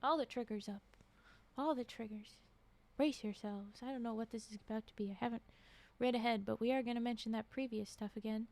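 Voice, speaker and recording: A woman's voice: fairly high pitch, fairly even intonation, fairly quick, a little mellow. A woman reading horror stories aloud on a stream, often breaking off to react and comment.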